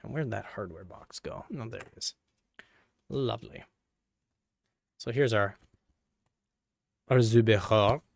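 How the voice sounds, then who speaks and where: A man's voice: lowish voice, a little slow, gravelly, pauses often, no room sound. A man giving casual, playful running commentary while he works, joking with viewers and talking to himself. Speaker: PC hardware video creator.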